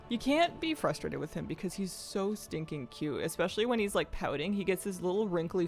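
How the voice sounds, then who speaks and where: A woman live-streams a game, chatting casually and laughing often. Now and then she coos at her pets in a high sing-song.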